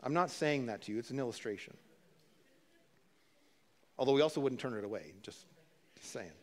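A man's voice: mid-range voice, brisk, a little mellow. A man preaching a sermon in a conversational way, often repeating words and restarting phrases, with dry humorous asides. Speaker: pastor.

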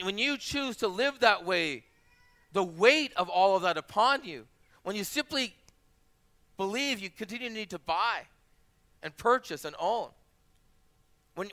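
A man in his forties, a pastor preaching a sermon, telling personal stories and repeating phrases for emphasis. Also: sits high. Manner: animated storyteller, acts out quoted voices.

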